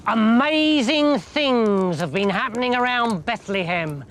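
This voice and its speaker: A man voicing a pompous old shepherd who speaks in a slow, grand, prophetic way, over music. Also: very high voice, animated, voice pushed up. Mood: solemn.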